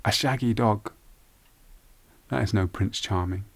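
Guy reading a sulky young daughter, quiet and low, kinda gravelly. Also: unhurried, no echo. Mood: scornful. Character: young daughter, sharp-tongued but longing for home.

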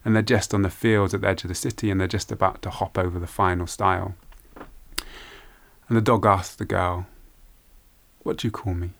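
A man telling a folk tale aloud in an unhurried, hushed way, with repeated phrases. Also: low-pitched, fairly even intonation, gravelly. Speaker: storyteller. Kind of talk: oral folk-tale storytelling.

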